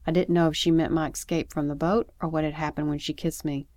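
A woman reading a first-person story aloud in a calm, measured narration style. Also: deep voice, no room sound. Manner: calm, measured storytelling with lively acted dialogue. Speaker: audiobook narrator.

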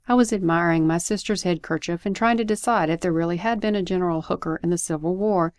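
A woman reading her own story aloud, expressive and lively, with asides. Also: lowish voice, dry recording, studio quality.

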